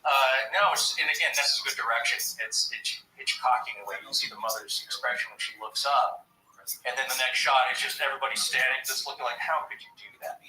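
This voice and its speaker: A man's voice: mid-range voice, steady tone, brisk, sharp tone, echoey room, recorded from a distance, rough recording. A man talking casually on a podcast, rambling and acting out quoted lines as he goes. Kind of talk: casual chat about movies and the paranormal.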